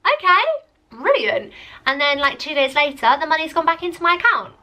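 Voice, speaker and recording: A woman's voice: high voice, fairly even intonation, quick pace, pushed and bright. A young woman telling a story to camera in a chatty vlog, exasperated and talking with lots of "like". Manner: chatty, exasperated, heavy use of "like". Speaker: vlogger.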